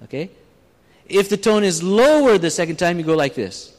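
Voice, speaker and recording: Guy preaching to a church crowd, chatty and plain, high voice, long hall echo. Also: sing-song, normal speed, a little mellow. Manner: conversational, plain-spoken, with restarts. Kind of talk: sermon with audience exercise.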